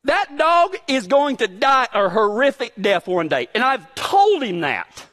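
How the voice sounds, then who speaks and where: A man delivering a sermon in a very high voice that swings widely in pitch. He talks in a folksy, animated way and drops in joking asides as he leads into his message. His delivery stays lively throughout. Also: a little slow. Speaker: pastor. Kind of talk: sermon with humorous storytelling.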